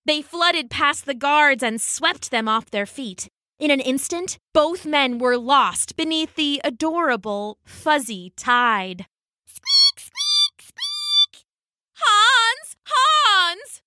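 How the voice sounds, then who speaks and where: A woman reading a children's storybook aloud in an expressive, unhurried way. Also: high voice. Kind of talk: storybook read-aloud narration.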